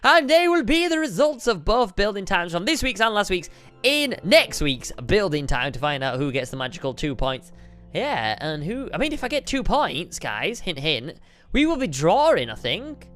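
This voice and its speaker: A man's voice: high voice, very animated, normal speed, fairly bright tone. A man co-hosting a gaming video, rambling casually and poking fun at himself. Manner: rambling, self-mocking. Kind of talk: casual gameplay chat. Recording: light background music.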